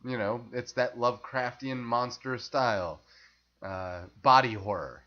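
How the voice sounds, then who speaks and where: A man's voice: mid-range voice, measured pace, sharp tone. Easygoing man chatting on a lo-fi podcast. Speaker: podcast co-host. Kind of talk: casual film discussion.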